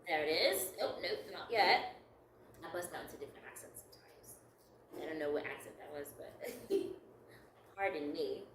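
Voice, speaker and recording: A woman's voice: sits low, expressive, normal speed, roomy sound, recorded from a distance, slight background noise, low-quality recording. A woman leading a step-by-step craft tutorial, upbeat and encouraging, laughing lightly at her own slips. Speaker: craft instructor.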